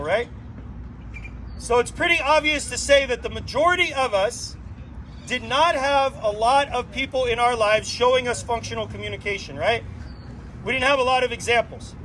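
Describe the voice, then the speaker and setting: A man leading a drum circle gathering, giving an inspirational talk, playful and animated, full of rhetorical questions. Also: very high-pitched, moderate pace, a little hiss or hum, low-quality recording. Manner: asks frequent rhetorical questions.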